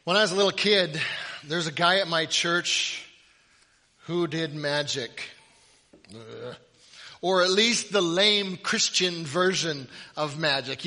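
Bright-voiced male preacher in a reverberant hall. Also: sits high. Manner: humorous storytelling. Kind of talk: sermon.

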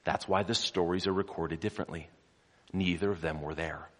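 Low-voiced preacher in a reverberant hall. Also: male voice, steady tone, brisk. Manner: dramatic storytelling, swings from loud to hushed; asks the congregation questions. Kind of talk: sermon.

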